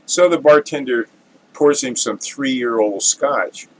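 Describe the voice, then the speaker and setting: A man hosting his own show, telling a classic joke in a relaxed, folksy way. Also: medium pitch, takes it slowly, rough recording. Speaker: storyteller host.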